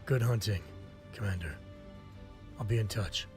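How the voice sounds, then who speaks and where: An actor playing a calm male intelligence commander giving a formal briefing in a game. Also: lowish voice, close to an everyday voice. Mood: serious. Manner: measured, formal briefing delivery. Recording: game audio with faint music.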